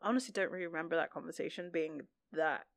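A woman's voice: deep voice, very fast, vocal fry, dry recording, clean studio sound. A woman co-hosting a podcast, chatting in a rambling way about a TV episode. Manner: rambling, many fillers and restarts. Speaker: podcast co-host. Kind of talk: casual chat recapping a TV episode.

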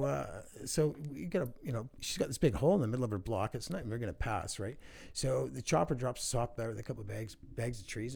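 A man's voice: mid-range voice, gravelly, darkish tone. A man telling rambling, profane work stories in casual conversation, often adding "right?". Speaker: guest. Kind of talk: casual storytelling.

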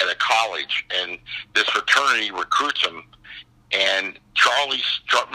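A man in his sixties telling a story as an interview guest, animated and acting out the people in it. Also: lowish voice, poor audio. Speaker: actor guest. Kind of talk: casual anecdote telling.

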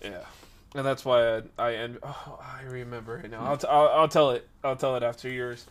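A twenty-something man speaks at normal speed with a medium pitch. On a podcast stream he casually tells a rambling story, animated throughout and filled with filler words.

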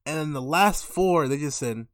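A young man in casual movie talk, excitable, swearing and laughing through his stories. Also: on the high side, normal speed, no echo, studio quality.

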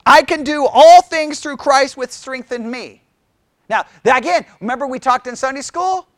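A middle-aged man leading a Bible study, chatty and animated, often asking the group questions. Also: high voice, no echo.

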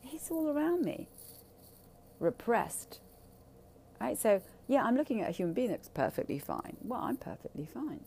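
A woman's voice: a little high, big pitch swings, normal speed, vocal fry, warm tone, slight background noise. A woman speaking candidly in a blunt, profane and emphatic way. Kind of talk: candid casual talk.

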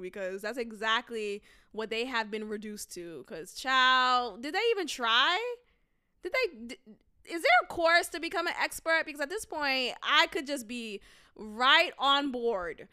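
A woman hosting a solo commentary podcast, talking in an animated, sassy way with mocking rhetorical questions and frequent laughter. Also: on the high side, a little slow, clear, resonant tone. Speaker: podcast host.

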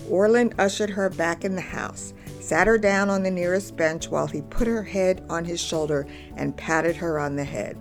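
A woman with a lowish voice narrates a storybook in a measured, even way. Faint music plays softly underneath her reading. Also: vocal fry.

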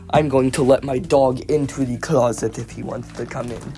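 Low-voiced stuttering woman rambling to mic. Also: steady tone, a little slow, soft background music. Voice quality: stutters, repeats words. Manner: self-mocking, jumps between loud outbursts and mumbling. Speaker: podcast host. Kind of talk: rambling solo podcast. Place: home recording studio room with her dog.

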